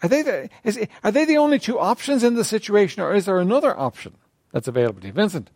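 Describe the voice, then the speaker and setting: Lively man leading a church group. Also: high voice, fast, dry recording, clean studio sound. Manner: conversational, asks the group questions, often clears his throat. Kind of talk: interactive talk on faith.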